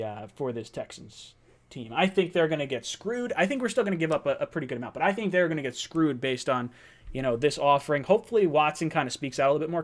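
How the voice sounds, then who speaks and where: A young man hosting a sports fan livestream, talking fast and excitedly, thinking out loud with restarts and reading out viewer messages. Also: on the high side. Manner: fast, excitable, thinks aloud with restarts, reads super chats.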